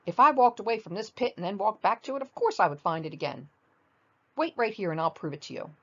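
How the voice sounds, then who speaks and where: A woman voicing a fussy, bossy, scheming male rabbit in a storybook reading, clipped and excitable. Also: medium pitch, quick pace, muffled recording. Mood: self-assured. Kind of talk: storybook read-aloud.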